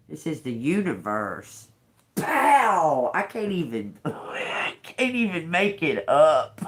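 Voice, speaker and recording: A woman giving a casual livestream tarot reading to her viewers, chatty, laughing often and swearing freely. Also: low-pitched. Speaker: tarot reader.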